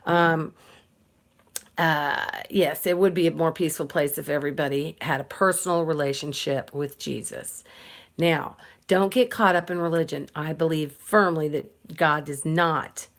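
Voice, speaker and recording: Low-voiced earnest woman preaching. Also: fairly even intonation, unhurried. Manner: earnest, preachy, with many restarts and fillers. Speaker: political commentator. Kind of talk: casual faith monologue.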